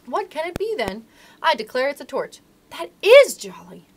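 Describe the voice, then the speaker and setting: A brave young miner boy from a storybook, sturdy and matter-of-fact, as a woman puts him on. The voice sits fairly high and moves a lot in pitch. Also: big pitch swings, a little fast, slight background noise. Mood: excited.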